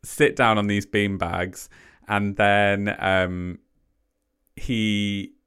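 Animated man telling a story. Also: on the low side, drawn-out words, smooth. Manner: animated, acts out quotes. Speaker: guest. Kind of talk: personal storytelling in conversation.

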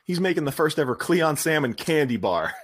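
A man putting on a brash loud-mouthed boxing champ. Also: fairly high pitch, sing-song, fairly quick, husky, pitched above the performer's own voice. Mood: boastful. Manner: crude bragging lines.

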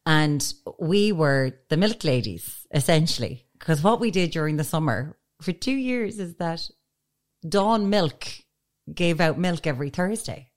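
Low-voiced Irish woman chatting. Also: unhurried. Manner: chatty storyteller, animated. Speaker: podcast co-host. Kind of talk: casual chat.

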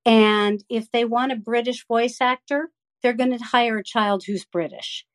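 A woman who coaches children in voice-over, answering interview questions with enthusiasm and examples. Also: medium pitch.

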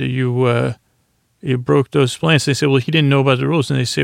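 A man hosts a sleepy podcast with a gravelly voice. He rambles softly through a story recap and doubles back on himself often. His pitch barely moves, and the sound is close and dry. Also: steady tone, brisk, dry recording. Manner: meandering, full of fillers and restarts; soft, low-key delivery. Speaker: podcast host. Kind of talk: rambling bedtime episode recap.

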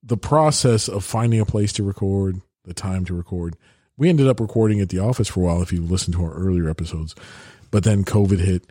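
A man's voice: low-pitched, brisk, dark tone, no echo. A middle-aged man co-hosting a podcast in casual chat with dry, wry asides, recorded in a home garage. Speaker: podcast co-host.

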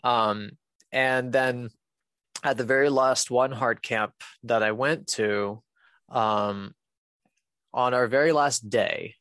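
A man talking as a guest on a podcast, candid and casual, often laughing and using "um" as he goes. His voice sits at an ordinary middle pitch. The recording is dry, with no room sound. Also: fairly even intonation, slow, pauses often, a bit bright, dry recording. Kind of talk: casual personal storytelling.

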